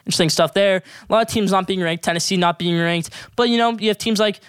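A young adult hosting a sports podcast, giving excitable, opinionated takes and hyping players in casual talk. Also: mid-range voice, quick pace, clear, resonant tone, no room sound, clean studio sound.

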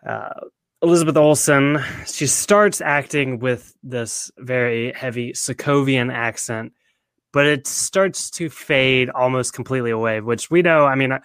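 A man's voice: medium pitch, unhurried, fairly bright tone, smooth, no echo. Chatty man, dry close sound. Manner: conversational, asks his co-host questions. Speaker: podcast co-host. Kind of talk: casual recap chat.

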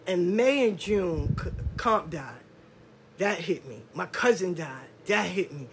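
On this podcast, a middle-aged woman with a fairly low, lively voice tells her own life story candidly and emphatically, her speech full of street slang, swearing, and drawn-out stresses. There is background noise behind her in this personal testimony monologue.

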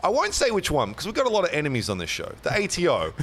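A man's voice: a little high, huge pitch swings, rapid-fire, fairly bright tone. A young adult man hosting a comedy radio show, telling a rambling, self-mocking story and laughing as he goes. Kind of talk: casual comic storytelling.

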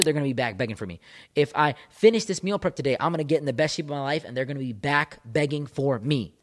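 A man with a higher, expressive, rapid-fire voice delivers a motivational monologue as a breakup coach into a studio microphone. He's intense and emphatic, repeating phrases for punch.

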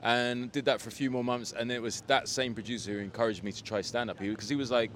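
A man guest, a comedian and rapper, chatting in a casual interview outdoors and telling his story in a relaxed way, with plenty of "like" fillers. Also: medium pitch, fast talker, hardly any pauses, a little hiss or hum. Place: outdoors on a street.

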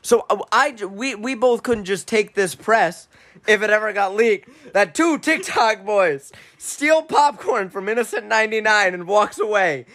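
A young man with a high voice co-hosting a relaxed podcast. He chimes in with quick, chatty asides and laughs along as the story unfolds. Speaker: podcast co-host. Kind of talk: casual storytelling chat.

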